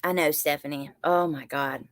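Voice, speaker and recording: A woman's voice: low voice, fairly even intonation, normal speed. A woman hosting a casual livestream, recapping trial notes and answering viewers' chat in a chatty way. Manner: chatty, reacts to viewer comments, swears when angry. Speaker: true crime livestream host.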